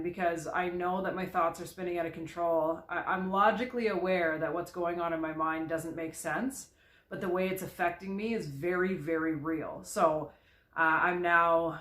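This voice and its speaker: A vlogger telling a personal story candidly, in a halting way with frequent restarts. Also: mid-range voice, steady tone, a bit bright. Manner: halting, with many restarts and "you know". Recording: echoey room.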